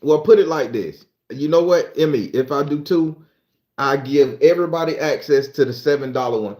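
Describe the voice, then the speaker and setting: A livestream host from southern Florida, with a Southern American accent, chats loosely with viewers and stumbles when reading aloud. His voice is on the high side with a darkish tone, at normal speed, in a roomy-sounding recording.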